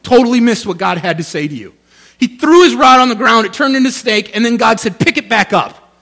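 A male pastor preaching a sermon in an animated, conversational way, often checking in with his listeners. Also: very high voice, fast.

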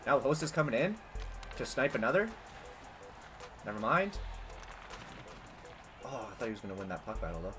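A young man giving casual, excitable gameplay commentary as a gaming channel host, swearing and yelling at big plays. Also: mid-range voice, moderate pace, long pauses, music in the background. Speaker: gaming youtuber.

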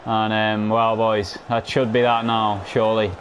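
Excitable young man gaming. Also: on the low side, measured pace, crowd noise. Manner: excitable, swears, addresses viewers as boys. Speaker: gaming commentator. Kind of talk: casual gameplay commentary.

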